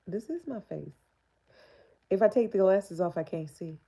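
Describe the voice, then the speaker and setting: Woman, forties, casual live-stream chat, candid, laughs a lot, mid-pitched voice. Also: animated, moderate pace, vocal fry, mellow, slightly rough. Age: 40s. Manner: candid and chatty, laughs often, talks back to the chat. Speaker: livestreamer.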